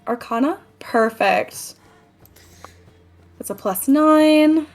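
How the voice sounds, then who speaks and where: A woman's voice: high voice, lively intonation, very slow, faint music behind. A woman playing a tabletop game in a laid-back, matter-of-fact way. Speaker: player. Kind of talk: casual tabletop play.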